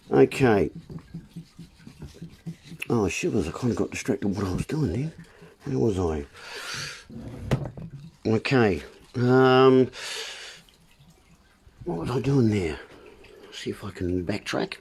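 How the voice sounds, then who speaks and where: A man's voice: lowish voice, a little mellow, slightly rough. A man hosting a livestream, talking in a meandering way full of wordplay and calling his listeners folks. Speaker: livestream host. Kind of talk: rambling livestream monologue.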